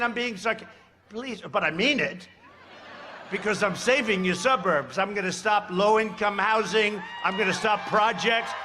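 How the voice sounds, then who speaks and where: At an outdoor rally, a man in his seventies speaks into a podium mic, rambling through his speech with sarcastic asides and repeated phrases. His voice is high, and the background is noisy.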